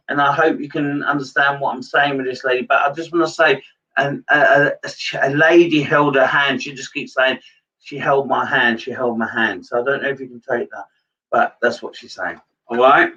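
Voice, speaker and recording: A man's voice: mid-range voice, fairly even intonation, fairly quick, pushed and bright. A man giving a live-streamed psychic reading, rambling and repeating himself with many hesitations. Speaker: psychic medium. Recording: dull lo-fi sound from a distance.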